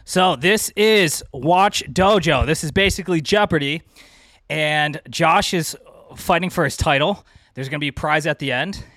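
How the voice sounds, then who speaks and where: A man hosting a casual watch quiz in a podcast, out of breath and joking loudly. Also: fairly high pitch, normal speed, no echo. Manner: excitable, loud and joking. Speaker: quiz host. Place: house.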